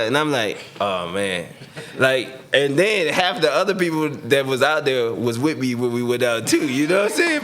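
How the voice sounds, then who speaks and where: A man's voice: mid-range voice, a little hiss or hum. A middle-aged man, telling a story casually as a podcast guest and acting out the voices of the people in it. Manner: animated, slangy, acts out voices in his story. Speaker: podcast guest, former pro football receiver.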